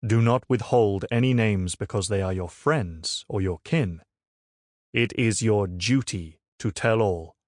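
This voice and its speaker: A man's voice: fairly low pitch, unhurried, darkish tone, no room sound, natural voice. A fanatical Dominican friar, as a male narrator acts him out, a zealous inquisitor who thunders condemnations at full force. His voice lifts a little above the reader's own, and his sweetness rings false. Close, dry audiobook sound. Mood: falsely sweet. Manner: roaring hellfire preaching, then falsely sweet.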